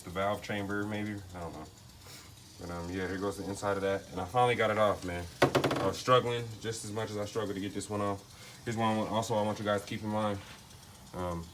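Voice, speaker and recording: A man with a low voice walks through a car repair in loose, slangy talk, thinking aloud as he works. A faint ambient noise sits behind him. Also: fairly bright tone. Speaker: DIY car repair vlogger. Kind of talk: casual how-to narration.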